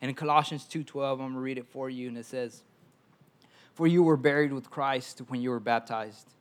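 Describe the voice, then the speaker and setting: A man's voice: medium pitch, fairly even intonation, a little fast, clear, resonant tone. A young adult man preaching a conversational sermon as pastor, often stammering and repeating words as he talks.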